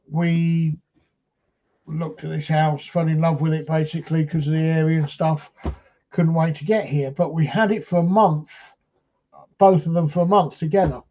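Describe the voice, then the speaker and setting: Man, high voice, mellow tone, rambling ghost story, lots of fillers, dull lo-fi recording. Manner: rambling, anecdotal, full of fillers and restarts. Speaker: paranormal investigator. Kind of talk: casual storytelling on a live stream.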